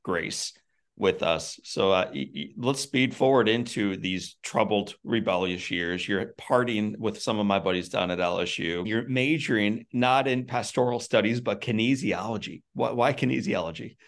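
A man's voice: on the low side, normal speed. A man hosting an interview, affirming his guest and asking open questions. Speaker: interviewer, host. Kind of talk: conversational interview.

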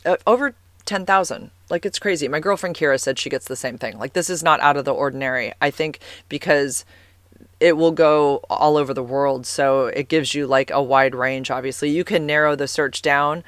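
Speaking at a moderate pace, a woman with a voice that sits low comes through on a dry recording. A forties-aged Californian vlogger, she talks casually to camera about her own life, rambling and using lots of "like"s and fillers.

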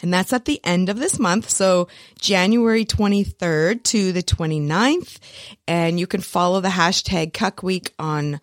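A woman's voice: fairly low pitch, a little slow, no room sound, clean studio sound. Giggly, swearing woman podcast host. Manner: animated, giggly, swears freely. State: recovering from recent illness. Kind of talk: casual solo podcast chat.

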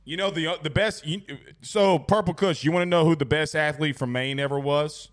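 A man's voice: on the high side, steady tone, a little fast, hardly any pauses. A man hosting a casual live sports talk show, reading out viewer comments in a loose, chatty way while fighting the hiccups.

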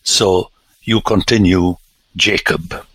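A man, a priest, giving a lecture on scripture with animated, theatrical emphasis and sudden exclamations. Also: low voice, slow pace, husky, no echo.

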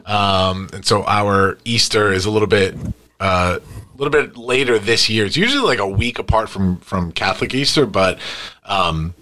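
A bright, forceful-sounding man in his thirties, chatting on a podcast mic. He tells family stories with energy, acting out the voices of his kids as he goes. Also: on the low side, moderate pace. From Greek heritage. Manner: animated storyteller, acts out quotes. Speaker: podcast co-host. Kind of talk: casual chat.

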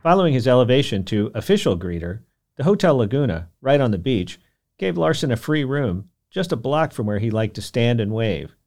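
A podcast host, male with a mid-range voice, narrates a history story in scripted documentary style. His delivery is expressive and fairly quick.

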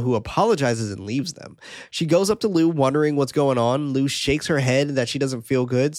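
A man's voice: medium pitch, dry recording, studio quality. A man hosting a podcast, casually narrating a film's scenes and commenting with occasional swearing. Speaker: podcast host recapping a film. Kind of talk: casual film recap.

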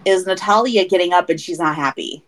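A woman's voice: fairly low pitch, fairly quick, low-quality recording. Ohio woman cohosting a podcast, chatty and joking around. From Ohio, USA. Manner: chatty, asks playful questions. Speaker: podcast co-host. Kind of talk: casual recap chat.

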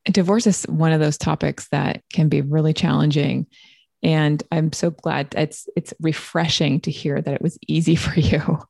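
A woman interviewer with a low, gravelly voice. She asks warm, probing questions in an easy conversational way. The sound is dry and close. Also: fairly even intonation, normal speed, no echo.

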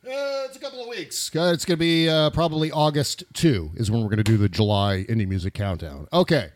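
A man's voice: on the high side, expressive, brisk, a little hiss or hum. A man hosting a podcast from a studio, chatting casually, laughing often and swearing freely. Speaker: podcast host. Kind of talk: casual political podcast chat.

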